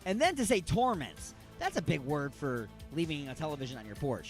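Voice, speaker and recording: A man's voice: a little high, huge pitch swings, a little fast, faint music behind. A man hosting a radio show, riffing on odd news stories in a rambling, mock-outraged way.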